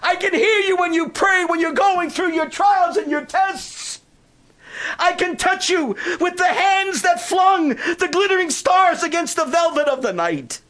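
A man preaching a sermon who swells into shouted, drawn-out proclamations and then sinks to a hushed appeal. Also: very high-pitched.

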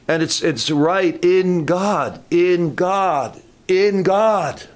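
A man's voice: sits high, extremely slow. Folksy older male camp preacher. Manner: folksy, humorous asides with frequent restarts. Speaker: pastor. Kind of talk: sermon. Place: church camp meeting.

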